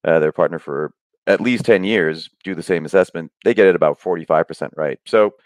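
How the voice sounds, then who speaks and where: A middle-aged man with a deep, low-pitched voice guests on a podcast, explaining ideas through anecdotes. He animates his stories by acting out the voices of the people in them. The sound is dry and close, with no room echo. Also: fairly quick. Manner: animated storyteller, acts out quoted voices. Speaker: guest speaker on happiness.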